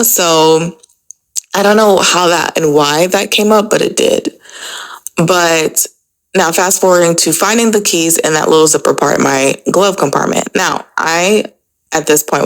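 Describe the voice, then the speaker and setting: A woman with a low voice and a gravelly, creaky edge tells a personal story on her podcast. She talks casually and chattily, filling her sentences with "like" and "you know". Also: poor audio. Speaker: podcast host.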